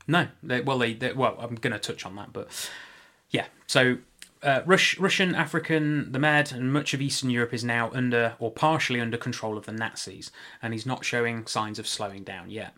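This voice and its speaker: A man hosts a casual history podcast in a medium-pitched, sharp-toned voice at a moderate pace with hardly any pauses. He talks loosely, tossing in joking asides and correcting himself often.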